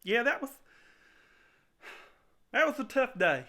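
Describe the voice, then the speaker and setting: A man's voice: extremely high pitch, big pitch swings, slow pace, pushed and bright, full character voice. A man playing a nervous, rambling servant who tells his tale in a comic skit. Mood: sheepish.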